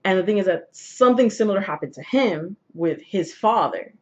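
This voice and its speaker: Speaking at a normal pace, this woman has a medium-pitched, darkish, animated voice. She's a vlogger nursing a sore throat, telling the camera a personal story in a loose, rambling way with lots of fillers and false starts. It's captured on a dull, lo-fi recording.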